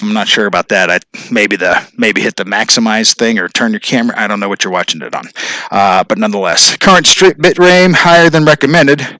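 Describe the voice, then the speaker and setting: A man's voice: lowish voice, bright, forceful tone, dry recording, poor audio. A man hosting a casual livestream from his home studio, rambling with many fillers and chuckling at his own corny jokes. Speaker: livestream host.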